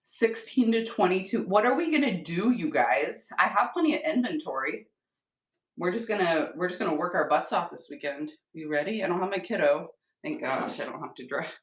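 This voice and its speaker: Hosting a live craft-selling stream from home, a woman chats upbeat and animated with viewers at a moderate pace while painting. Her slightly low voice has a tired edge, recorded from a distance in an echoey room.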